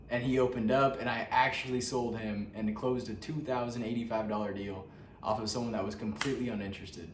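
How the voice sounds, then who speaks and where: A man's voice: medium pitch, fairly even intonation, fairly quick. Slangy young man in a roomy room. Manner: slangy, profane, lots of filler words and restarts. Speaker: vlogger. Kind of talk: casual motivational talk to camera. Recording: roomy, distant from the mic, faint background noise.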